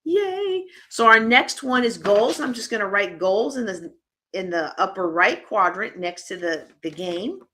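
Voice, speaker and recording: A woman presenting a live conference workshop, talking in a lively, conversational way straight to her audience. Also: mid-range voice, measured pace.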